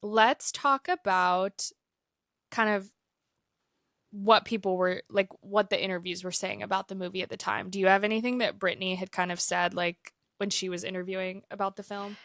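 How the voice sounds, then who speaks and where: A woman's voice: mid-range voice, steady tone, normal speed, vocal fry, a bit bright, no room sound, clean studio sound. A young woman co-hosting a podcast, talking in an easygoing, casual way with many "like" fillers. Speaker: podcast co-host. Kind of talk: casual chat, reading a review aloud.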